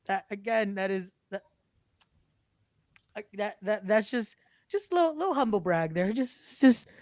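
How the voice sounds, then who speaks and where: A woman hosting a podcast interview. She teases her guest in a relaxed way and often restarts her sentences. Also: medium pitch, a little slow, no echo, clean studio sound. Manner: easygoing, teasing interviewer with many restarts. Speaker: podcast host. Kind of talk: casual interview chat.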